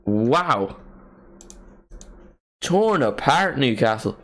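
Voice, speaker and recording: A man hosting a live match watchalong, giving casual play-by-play commentary with jokey asides and excited calls. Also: medium pitch, very slow.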